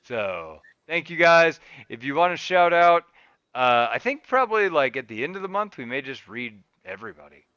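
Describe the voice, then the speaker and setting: A man's voice: fairly high pitch, big pitch swings, moderate pace, bright, forceful tone, smooth, no echo, lo-fi sound. A man hosting a podcast in casual chat, making laid-back, rambling announcements. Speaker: podcast host. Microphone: podcast mic.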